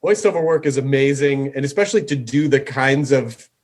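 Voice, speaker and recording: A man's voice: mid-range voice, fairly quick. A man hosting a podcast in casual chat, rambling with lots of "you know" and "like". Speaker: podcast host.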